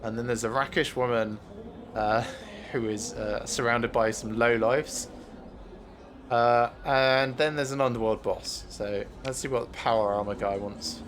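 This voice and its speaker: A man talks through a strategy game as he streams it, mid-pitched and unhurried. He thinks aloud, stopping often on "uh" and "um" as he weighs each option. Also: steady tone, background noise. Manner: thinks aloud with many filler pauses. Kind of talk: casual gameplay commentary.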